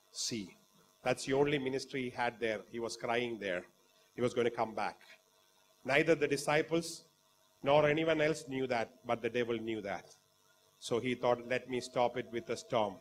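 A man with an Indian English accent preaching a sermon, fervent and dramatic, swinging from quiet talk to loud exclamations. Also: mid-range voice, normal speed. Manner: acts out quoted voices in the story.

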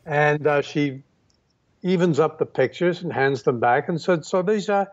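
A male photographer being interviewed, telling stories in an unhurried way with many fillers and restarts. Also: fairly high pitch, highs cut off. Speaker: photographer guest. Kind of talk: reflective storytelling.

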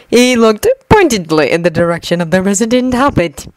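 A woman reading a fanfiction story aloud at a gentle, even pace, lightly acting out the dialogue. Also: a little high, brisk, few pauses, rough recording. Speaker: fanfiction reader.

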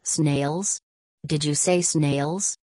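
A woman's voice: low-pitched, fairly even intonation, drawn-out words, a little mellow, no room sound, clean studio sound. Woman reading as a fussy, hearty middle-aged father. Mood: flustered. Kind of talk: audiobook reading.

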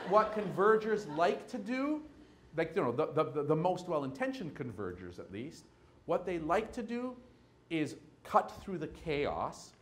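A male keynote speaker with a somewhat high voice that swoops widely as he talks. He acts out little dialogues between people to make his points. There's a faint hum of noise behind him. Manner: animated, acts out little scenes with quoted voices. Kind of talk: lively keynote lecture. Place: lecture hall with audience.

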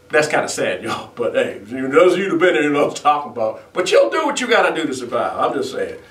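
A man's voice: mid-range voice, big pitch swings, fairly quick. Griping comedic weatherman outdoors, far off. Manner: rambling, griping, laughs often. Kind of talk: improvised comedic monologue. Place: outdoors at sunset. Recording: distant outdoor mic with echo.

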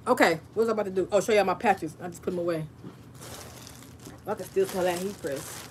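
A woman hosting a crafting livestream from her home craft room, talking fast and chatty and laughing often. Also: mid-range voice, slight background noise. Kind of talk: casual livestream chat and craft demo.

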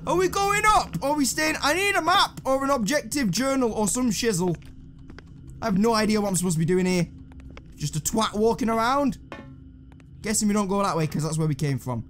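A high-voiced man talks through a horror game, his pitch leaping around as he jumps at scares. He is sarcastic and swears freely, with faint music behind him. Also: a bit bright. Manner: jumpy, swearing, sarcastic running commentary. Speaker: gaming channel host. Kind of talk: let's play horror game commentary.

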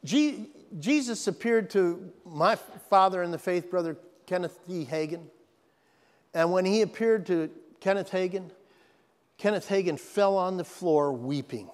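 A man's voice: high voice, a little mellow, in a large hall. A man preaching a sermon to his congregation, emphatic, repeating phrases and asking if they are listening. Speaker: pastor. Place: church sanctuary.

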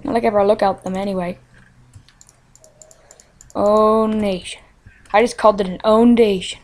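A woman's voice: mid-range voice, fairly even intonation, moderate pace, a little mellow. A woman hosting a game let's play, chatting casually to herself in a goofy, playful way with frequent giggles. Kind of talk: casual gameplay commentary.

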